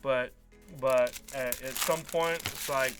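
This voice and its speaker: Hosting a card break on a live stream, a man tells a long, frustrated story in casual chat and acts out the quoted dialogue. His medium-pitched voice is steady and slow, with faint music playing behind him.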